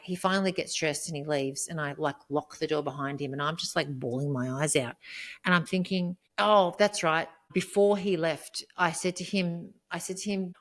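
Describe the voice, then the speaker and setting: A woman, co-hosting a podcast, telling a painful personal story in a rambling way, swearing and rising into high outbursts. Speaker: podcast co-host.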